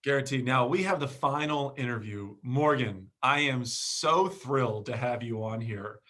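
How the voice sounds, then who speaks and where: A man of medium pitch hosts an interview show. He talks to his guests in an encouraging, upbeat way. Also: a little slow, a bit bright. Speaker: podcast host.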